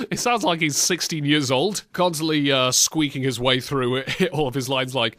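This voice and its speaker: A man's voice: medium pitch, moderate pace, few pauses, bright, forceful tone, dry recording. A man hosting a podcast in casual comedic banter, mocking clips and bursting into silly impressions. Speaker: podcast host.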